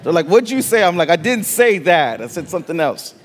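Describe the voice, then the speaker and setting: A man's voice: fairly high pitch, big pitch swings, brisk, big-room sound. A man with a Latino accent preaching a sermon as pastor, emphatic and repeating phrases for weight in a church sanctuary.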